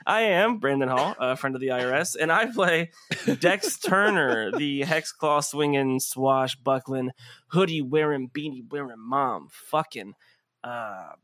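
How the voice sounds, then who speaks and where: A man's voice: mid-range voice, lively intonation, unhurried, a bit bright, no echo. A man hosting a tabletop game podcast, talking in playful, giggly banter on a close mic. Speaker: game master and host.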